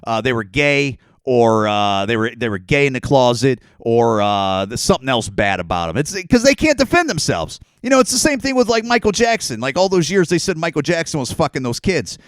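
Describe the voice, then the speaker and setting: A man's voice: medium pitch, very animated, a little fast, hardly any pauses, no echo. A man hosting a podcast alone, talking in a rambling, profane, sarcastic way. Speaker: podcast host. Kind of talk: casual solo podcast rant.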